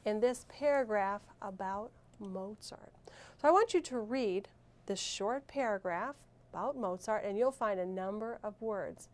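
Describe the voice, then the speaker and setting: A woman teacher leading a recorded reading lesson, saying each word clearly and deliberately for young students. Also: on the high side, a little mellow. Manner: clear, slow, deliberate teacher talk with drawn-out words.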